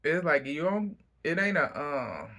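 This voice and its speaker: A man casually recapping a reality TV episode, chatty and opinionated, breaking into animated asides. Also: on the high side, measured pace.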